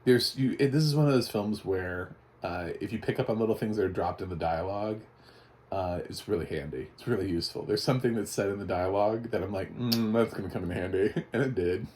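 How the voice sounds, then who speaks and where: A man's voice: lowish voice, fairly quick, a little mellow. A man giving a casual, chatty spoken movie review, often laughing. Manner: chatty, laughing, mock voices for quotes.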